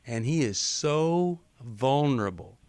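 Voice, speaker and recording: A man's voice: medium pitch, animated, slow pace, a little mellow, no echo. Male radio advice host, middle-aged, direct coaching delivery, dry studio sound. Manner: direct, coaching, quotes others in acted lines. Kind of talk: call-in advice talk.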